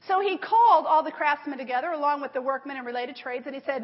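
High-voiced woman preaching in a hall. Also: fast, hardly any pauses. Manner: storytelling, reading scripture aloud with emphasis. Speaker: Bible teacher. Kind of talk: sermon with slides. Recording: dull audio in a large reverberant hall.

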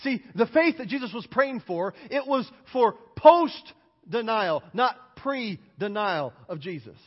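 A man preaching a sermon, telling the story with animated delivery and acting out the dialogue. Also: high voice, takes it slowly. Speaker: pastor. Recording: dull sound with long hall reverb.

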